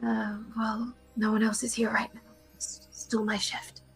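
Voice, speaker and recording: A woman voicing a young woman serving drinks at a bar, in a soft breathy whisper, as whispered role-play. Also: a little high, steady tone, moderate pace, faint music behind, rough recording. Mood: offhand.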